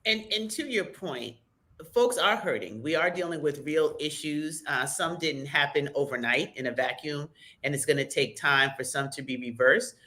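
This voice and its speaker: A woman hosting a live stream, chatting casually and reading out shout-outs from the chat in a lively, conversational way. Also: deep voice, moderate pace. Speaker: livestream host.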